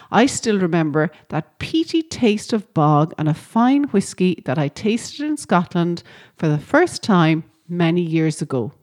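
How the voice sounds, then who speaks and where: A woman's voice: fairly low pitch, darkish tone. A woman hosting a podcast, reading scripted narration in a friendly way and often asking listeners questions. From Ireland. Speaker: podcast host.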